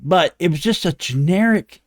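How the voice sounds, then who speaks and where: A man co-hosts a casual podcast debate, his voice sitting a little high. He rants with lots of swearing and laughter, rambling from point to point. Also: moderate pace. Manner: animated, profane, rambling with laughs. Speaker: podcast co-host.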